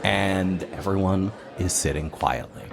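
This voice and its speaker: A man running a tabletop game as game master, lively as he narrates scenes. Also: low voice, measured pace, creaky, crowd noise.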